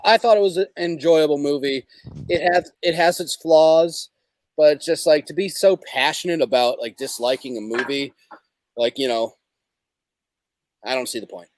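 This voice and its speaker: A man's voice: fairly high pitch, moderate pace, no echo. A man hosting a casual comedic livestream, rambling and hesitant, with lots of fillers. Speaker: show host.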